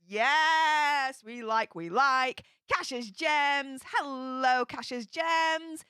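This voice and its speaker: A bubbly woman chats on her livestream with a high, bright voice. She greets viewers one after another in a warm, lively flow. The sound is dry and close. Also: very slow, no echo. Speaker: livestream host. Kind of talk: casual livestream chat. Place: home studio.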